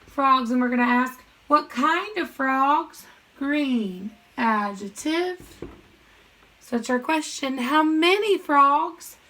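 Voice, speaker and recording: A woman teaching a grammar lesson, chanting sentence parts in quick questions and answers and speaking to students directly. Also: sits high, animated, sharp tone, low-quality recording. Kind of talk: recorded classroom lesson.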